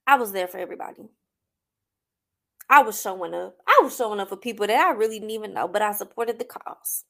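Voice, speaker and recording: A woman's voice: fairly high pitch, gravelly, fairly bright tone. A young adult woman hosting a talk show, telling her own story candidly and heartfelt, with emphatic repetition. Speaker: podcast host.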